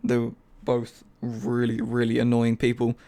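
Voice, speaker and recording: A man's voice: medium pitch, completely flat delivery, a little slow, mellow. A young man with an English accent, co-hosting a casual podcast and telling a story with many fillers and swearing. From England. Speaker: podcast co-host.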